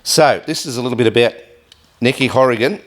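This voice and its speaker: A man's voice: mid-range voice, a little fast, fairly bright tone. A man hosting a casual podcast interview, chatty and self-deprecating, with plenty of slang. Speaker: podcast host.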